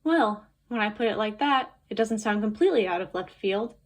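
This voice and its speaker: A woman's voice: mid-range voice, animated, moderate pace. A woman reading a novel aloud in the first person, with an anxious, introspective telling. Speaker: audiobook narrator.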